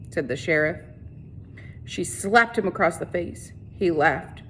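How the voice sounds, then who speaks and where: A woman teacher reading a novel aloud to her class in a steady, unhurried storytelling voice. She stumbles now and then and restarts the phrase. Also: lowish voice, a little hiss or hum.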